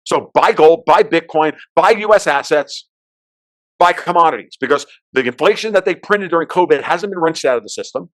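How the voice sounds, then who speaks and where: A man giving heated, profane market and political commentary as a podcast guest, ranting with sudden loud outbursts. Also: on the high side, lively intonation, moderate pace, no room sound. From United States.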